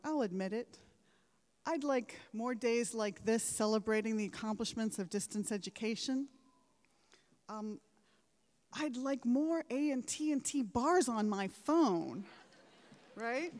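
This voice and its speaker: Speaking a little slowly in a slightly mellow, high-leaning voice, a woman gives a formal commencement address. Rhetorical questions and anecdotes keep her audience engaged, and the recording carries the echo of a large ceremony hall.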